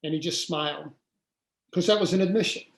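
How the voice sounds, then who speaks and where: A man's voice: fairly high pitch, a little fast, vocal fry, roomy sound, low-quality recording. An older man, a guest in an interview, telling his story in a casual, conversational way with many fillers and restarts.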